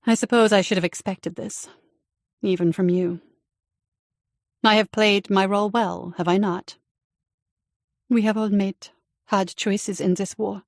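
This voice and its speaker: A woman reading the part of a cool, guarded woman in wartime Paris, measured and commanding. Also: medium pitch, steady tone, no echo, studio quality, lightly acted. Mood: wry.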